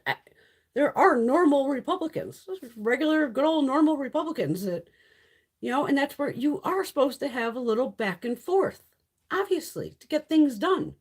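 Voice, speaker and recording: A woman's voice: high voice, slightly rough. A woman hosting a casual live stream chat, ranting with frequent swearing and laughing often. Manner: profane, ranting, exasperated.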